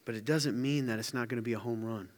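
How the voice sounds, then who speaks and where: A man preaching a sermon in an energetic, joking, conversational way. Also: mid-range voice, fast, big-room sound. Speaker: pastor.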